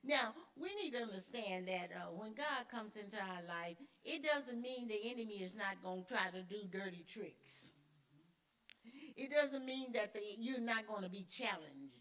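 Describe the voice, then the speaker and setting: A woman's voice: mid-range voice, lively intonation, moderate pace, fairly bright tone. Emphatic woman teaching Sunday school. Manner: emphatic, repeats key words; conversational with call-and-response fillers. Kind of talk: church teaching.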